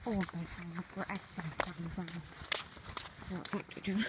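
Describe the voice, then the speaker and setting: A woman's voice: on the low side, steady tone, measured pace, heavy background noise. A young woman chatting offhand to her viewers while walking outdoors on a casual vlog. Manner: chatty, offhand, keeps saying whatever. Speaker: vlogger. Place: outdoors on a rural walk.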